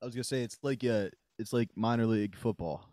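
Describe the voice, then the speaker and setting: A man's voice: medium pitch, fast talker, warm tone, no echo. A man co-hosting a comedy chat, sarcastic and dry, laughing often as he tells a retail story. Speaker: podcast co-host.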